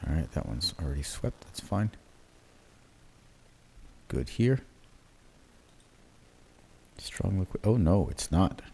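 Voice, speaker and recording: This man's voice is low-pitched, gravelly and slightly rough, and he talks slowly with frequent pauses. He hosts a live crypto trading stream, drawing on charts and thinking aloud in a relaxed way, correcting himself and using lots of fillers and "right?"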